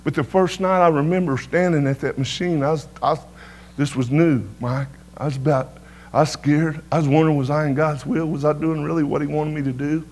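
A man's voice: fairly high pitch, steady tone, brisk, a little mellow. A middle-aged man preaching his testimony, telling folksy stories and tossing "amen" to the congregation. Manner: folksy storytelling, peppered with "amen" to the crowd. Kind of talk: sermon testimony storytelling.

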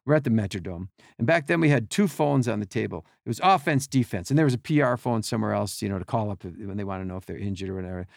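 A middle-aged man, a podcast guest, telling animated behind-the-scenes stories and acting out quotes and sounds. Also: fairly low pitch, quick pace, vocal fry, few pauses, no room sound, clean studio sound. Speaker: podcast guest, team equipment worker. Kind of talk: casual storytelling.

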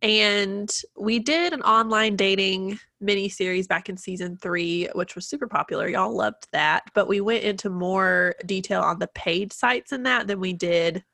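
A woman's voice: medium pitch, normal speed, creaky, hardly any pauses, pushed and bright, dry recording, studio quality. A woman, congested from allergies, co-hosting a casual podcast in a chatty, bubbly way. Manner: chatty, bubbly, says "like" often. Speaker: podcast co-host.

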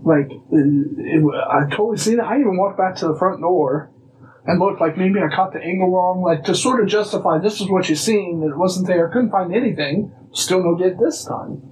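A man from Illinois, a guest telling a personal story casually, animated and acting out bits of dialogue. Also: high-pitched, normal speed, slight background noise, rough recording. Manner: animated, acts out dialogue, restarts phrases.

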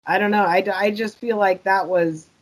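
Female cohost, slightly husky voice, earnest, conversational. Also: medium pitch, fairly even intonation, normal speed, rough recording. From United States. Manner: earnest, thoughtful, frequent agreeing replies. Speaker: podcast cohost. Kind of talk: casual recap chat.

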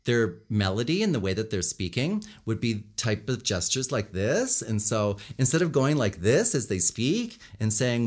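This communication coach talks at a moderate pace in a medium-pitched voice, hardly pausing at all. In his instructional commentary on body language and vocal melody, he's animated, performing different tones and gestures as examples.

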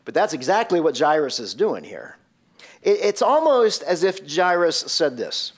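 Guy preaching a sermon, slow and emphatic, lots of rhetorical questions, kinda high voice. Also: big pitch swings. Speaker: pastor.

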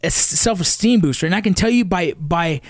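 Middle-aged dad ranting blunt and sweary, kinda high voice, dead dry room. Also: male voice, expressive, brisk, no echo. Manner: blunt and profane, heated. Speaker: father of wrestling kids. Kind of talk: casual storytelling rant.

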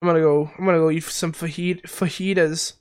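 A man's voice: on the high side, little pitch movement, brisk, clear, resonant tone. Giggly rambling Canadian man on mushrooms. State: high on mushrooms. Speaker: podcast host. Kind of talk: casual chat.

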